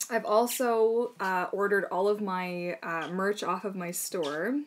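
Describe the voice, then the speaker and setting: A woman's voice: mid-range voice, steady tone, takes it slowly, few pauses, noisy background. A woman hosting a casual live Q&A stream as a mermaid tail maker, chatty and bubbly, with lots of fillers and frequent laughter.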